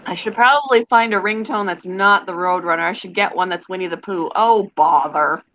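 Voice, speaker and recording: A woman's voice: medium pitch, fairly even intonation, a little fast, pushed and bright, dull audio. A middle-aged woman from Canada with a Canadian accent, rambling and laughing easily in casual voice chat. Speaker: voice chat participant.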